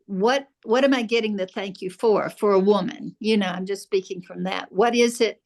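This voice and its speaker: A woman sharing in a group video call at a mid pitch. She talks in a direct, searching way and presses for specifics. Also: moderate pace, vocal fry. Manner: direct, searching, asks pointed questions. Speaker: course participant. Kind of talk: casual group share.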